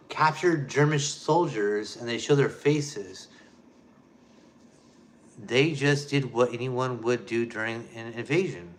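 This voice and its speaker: A man's voice: mid-range voice, fairly bright tone. A man hosting a show, delivering a heated, emphatic rant and speaking straight to his listeners, repeating key phrases. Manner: emphatic, repetitive, keeps addressing listeners directly. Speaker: show host. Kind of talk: ranting monologue.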